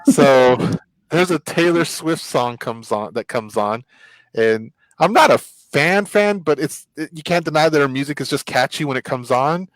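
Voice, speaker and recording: An animated man hosting a casual chat, with a slightly high voice. He tells stories with energy. The sound is dry and close. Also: moderate pace, dry recording, poor audio. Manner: animated storyteller. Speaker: host.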